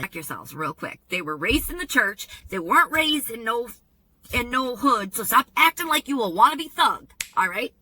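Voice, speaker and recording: Animated woman with a husky voice. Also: on the high side, normal speed, dry recording, poor audio. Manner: animated, emphatic storytelling. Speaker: vlogger. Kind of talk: storytime vlog.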